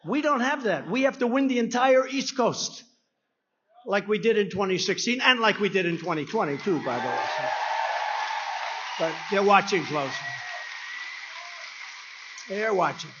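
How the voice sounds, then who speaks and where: High-pitched rambling man at a rally. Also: animated, normal speed, long pauses, dull audio, crowd noise, noisy background. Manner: conversational and meandering, acting out quoted dialogue. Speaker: political speaker at a rally. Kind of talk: rambling campaign rally speech. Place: rally venue.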